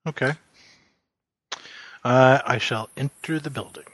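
A man's voice: medium pitch, a little slow, a bit bright, no room sound. Genteel-sounding man playing in a tabletop game. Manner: formal, genteel in character. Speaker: player.

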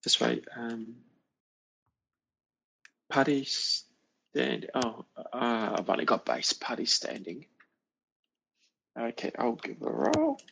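A man's voice: medium pitch, lively intonation, slow pace, vocal fry, pauses often, bright, forceful tone. A man playing a character in a tabletop role-playing game, speaking plainly. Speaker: player. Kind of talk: casual tabletop play. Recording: muffled with faint noise.

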